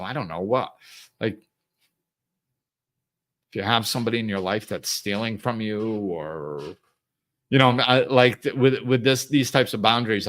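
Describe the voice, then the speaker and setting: A man's voice: fairly low pitch, fairly bright tone. A man hosting a podcast, talking through a casual monologue with restarts and chuckles. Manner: acts out angry callers in a raised voice. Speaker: podcast host.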